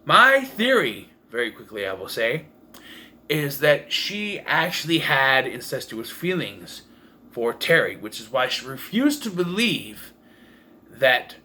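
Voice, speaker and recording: A man's voice: mid-range voice, very animated, slow, pushed and bright. Blunt, rambling man reviewing a film. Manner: rambling, blunt and profane, with many restarts. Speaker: movie reviewer. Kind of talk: casual movie review vlog. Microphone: camera propped on taped-together cases.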